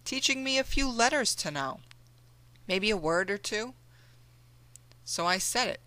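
A woman narrating an audiobook in a measured storytelling manner. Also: medium pitch, lively intonation, pushed and bright, no room sound. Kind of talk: scripted narration.

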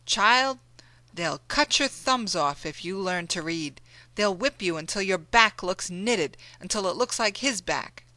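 A reader voicing a stern older woman on a plantation who scolds loudly and urgently. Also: medium pitch, animated, unhurried, dry recording. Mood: fierce. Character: stern older enslaved woman, fierce protector.

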